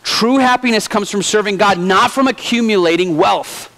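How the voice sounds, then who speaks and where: A man's voice: sits high, moderate pace, a bit bright, poor audio. A male pastor preaching a sermon in a conversational way with light humor. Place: church.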